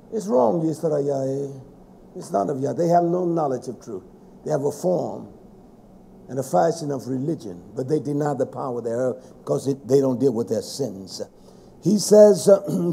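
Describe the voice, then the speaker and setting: Gravelly, high-pitched preacher, man. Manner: fervent, swings from shouting to low muttering. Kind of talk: sermon.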